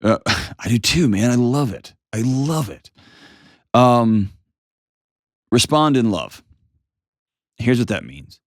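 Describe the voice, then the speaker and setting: A man in his forties hosting a call-in advice show, calm, reassuring and emphatic as he coaches a caller. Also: medium pitch, slow pace, long pauses, no echo, clean studio sound. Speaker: host.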